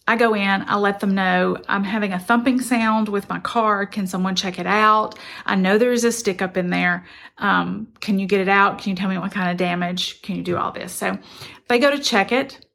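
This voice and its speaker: A woman's voice: mid-range voice, normal speed, gravelly, fairly bright tone. A middle-aged woman, earnestly telling a personal story in a reflective, conversational way. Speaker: motivational speaker.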